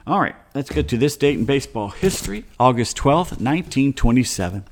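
A man's voice: mid-range voice, animated, brisk. A man hosting a casual sports talk show, rambling through stories with wry, chatty asides.

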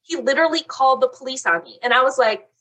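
A young woman casually telling a long story on a chat podcast, animated and saying "like" constantly. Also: high-pitched, fast. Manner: animated, fills talk with "like". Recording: voice a bit far from the mic.

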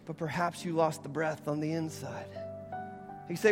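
A young man preaching a sermon as pastor, moving from hushed storytelling to fervent, raised preaching. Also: a little high, fairly even intonation, moderate pace. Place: large church sanctuary with long reverb. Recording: reverberant church hall with faint music.

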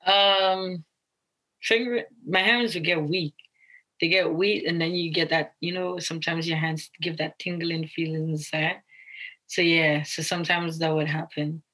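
A young woman from Guyana speaks in a casual, loose interview manner, stacking fillers and restarting her sentences. Her voice sits a little low for a woman. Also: unhurried, poor audio. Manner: casual, many fillers and restarts, quotes others in lively voices. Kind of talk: candid interview talk.

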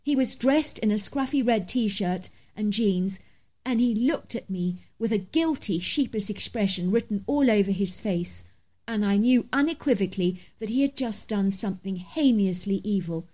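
A woman's voice: medium pitch, animated, moderate pace, a little mellow. A woman reading a first-person story aloud as scripted narration, in a dramatic, emphatic manner.

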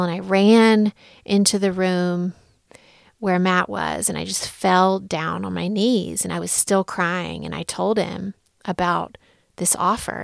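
Woman, thirties, earnest storyteller; fry-heavy voice, dry close recording. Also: fairly low pitch, dry recording. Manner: soft, earnest, candid, with pauses and restarts. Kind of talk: personal story, reflective talk.

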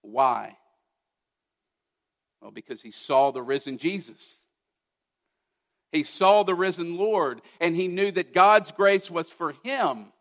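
A man preaching a sermon, emphatic, asking rhetorical questions and swinging from loud to hushed. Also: on the high side, expressive, slow, pauses often, big-room sound. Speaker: pastor.

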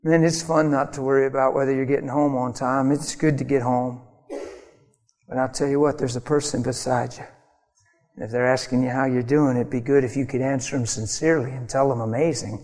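A man preaching a sermon in a storytelling way, animated, laughing often and acting out the voices of the people in his stories. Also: mid-range voice, a little fast, long reverb tail.

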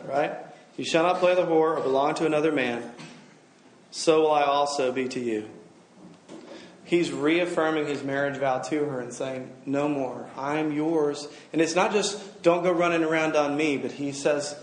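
A middle-aged man preaches in a relaxed, conversational way, putting questions to the crowd and slipping in light jokes. His voice sits a little high for a man. The room is echoey and has a faint hum of ambience behind him. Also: moderate pace. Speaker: campus minister. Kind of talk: sermon.

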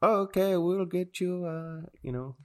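A man's voice: high-pitched, a little slow, pitched above the performer's own voice. A man voicing a cheerful male restaurant order-taker with a put-on Indian accent, speaking in an eager, sing-song way.

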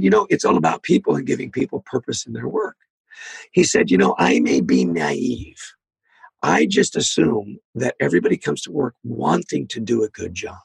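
A man speaking as an interview guest, telling animated stories and acting out the quoted dialogue. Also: medium pitch, gravelly, breathy edge, dry recording. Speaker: guest, leadership author. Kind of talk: storytelling interview talk.

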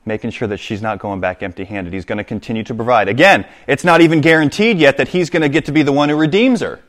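A fast-talking pastor with a medium-pitched, fairly bright voice preaches to his congregation. He reads scripture and explains it, speaking directly to his listeners.

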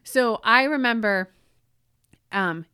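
A woman in her forties co-hosting a chat show, telling a family story with feeling and lifting her voice high when she quotes people. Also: animated, slow, bright, forceful tone, clean tone, no echo, clean studio sound. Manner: emotional storyteller, voice rising high when quoting. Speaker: podcast co-host.

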